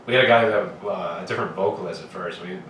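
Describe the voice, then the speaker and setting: A man's voice: low voice, fast talker, fairly bright tone. A man in a band, recounting its history hesitantly with lots of fillers in a casual podcast chat. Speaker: band member, guest. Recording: roomy, distant mic with faint noise.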